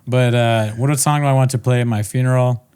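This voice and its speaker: A man's voice: mid-range voice, fairly even intonation, fairly quick, darkish tone, smooth. A man co-hosting a podcast in casual chat, rambling, swearing and laughing often. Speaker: podcast co-host.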